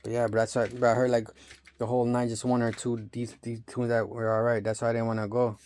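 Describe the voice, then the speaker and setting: A man's voice: mid-range voice, completely flat delivery, quick pace, darkish tone. A man from Romania ranting in a rambling, profane monologue, tossing in bro and dog all the time. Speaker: vlogger.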